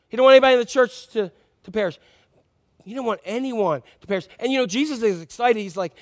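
A man's voice: sits high, quick pace. A man preaching a sermon in a conversational, joking way, reading scripture with emphasis. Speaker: pastor.

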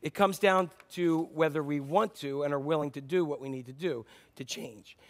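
A man's voice: on the high side, normal speed. A man preaching a sermon as pastor, telling a story in a conversational way with fillers and restarts.

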